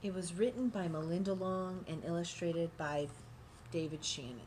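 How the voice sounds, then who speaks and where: A woman reading a children's picture book aloud, adding gentle asides for young listeners. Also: on the low side, normal speed, a little hiss or hum. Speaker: storybook reader.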